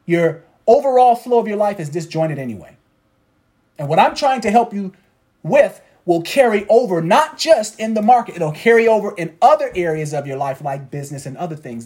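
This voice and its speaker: A man's voice: sits high, darkish tone. A man coaching traders in a motivational talk, preachy and repeating his points for emphasis. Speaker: trading coach.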